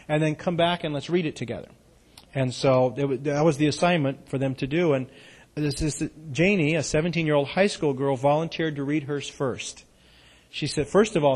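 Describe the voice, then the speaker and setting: A middle-aged man preaching a sermon, moving between loud, urgent exhortation and soft, hushed reading. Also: on the high side. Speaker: pastor.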